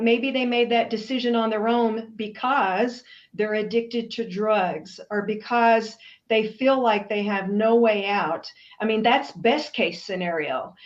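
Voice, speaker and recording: A woman's voice: a little high, muffled recording. A middle-aged woman from Texas, speaking earnestly and emphatically as an interview guest. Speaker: guest, anti-trafficking advocate.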